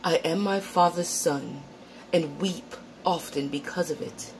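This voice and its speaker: A woman's voice: low-pitched, unhurried, a little hiss or hum, rough recording. A woman putting on a pompous, self-righteous man who preaches in archaic old English, recited in a theatrical mock-Shakespearean manner. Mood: preachy.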